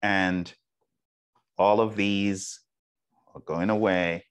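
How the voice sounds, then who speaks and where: A male instructor with a low, deep voice delivers a recorded lesson. He speaks at a deliberately slow pace so points sink in, and often checks in with his listeners. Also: fairly even intonation, clear, resonant tone. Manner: deliberately slow, repeats checks like "okay?" and "all right?". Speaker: exam prep instructor. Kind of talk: recorded online lecture.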